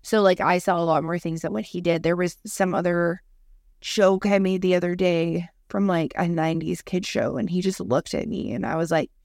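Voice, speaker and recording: Easygoing low-voiced woman host. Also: moderate pace, vocal fry, dry recording, studio quality. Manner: rambling, relaxed storytelling with fillers. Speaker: podcast host. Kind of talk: casual chat.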